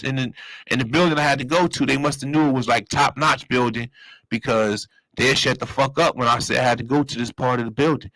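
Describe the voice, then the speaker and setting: Man, storyteller, animated and profane, plays everyone in his tale, dry close mic. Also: mid-range voice, brisk, no room sound, low-quality recording. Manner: animated, acts out other people's voices, profane slang. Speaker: storyteller host. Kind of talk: casual storytelling.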